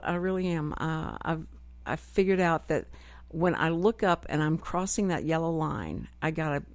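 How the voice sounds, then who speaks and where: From a radio studio, a middle-aged woman with a deep voice hosts a casual talk show, speaking freely and with plenty of expression. She has no filter and imitates the people she quotes. The audio has no echo.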